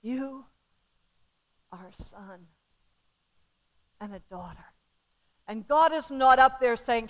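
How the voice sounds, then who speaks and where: A middle-aged woman preaching a sermon, swinging from loud calls to the crowd down to soft, hushed words. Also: sits high, slow pace, pauses often. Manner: animated, shifting from loud calls to soft near-whispers.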